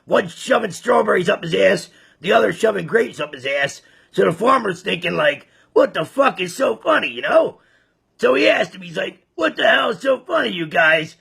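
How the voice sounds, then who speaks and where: A man tells a crude joke in a rambling, casual way, with a high, very gravelly voice. His tone is bright and tense, with a raspy, rough edge. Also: expressive, normal speed. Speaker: joke teller. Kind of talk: casual storytelling.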